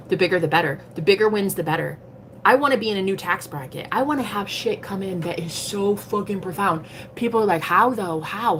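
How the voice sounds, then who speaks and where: Low-voiced, blunt-talking woman streamer. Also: fairly bright tone, slight background noise. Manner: blunt and emphatic, swears freely; preachy, motivational. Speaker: livestream tarot reader. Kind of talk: casual livestream monologue.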